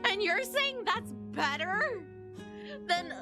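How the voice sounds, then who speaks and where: Young female streamer, high bright voice, reads game text and rants with feeling over soft music. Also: expressive, slow pace. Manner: emotional, exclaiming and ranting. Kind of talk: reading game text aloud and reacting.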